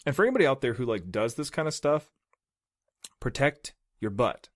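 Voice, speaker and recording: A man co-hosting a podcast, a voice actor chatting casually in a rambling, filler-heavy, animated way. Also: mid-range voice, normal speed, no echo, studio quality. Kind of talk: casual chat. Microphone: podcast mic.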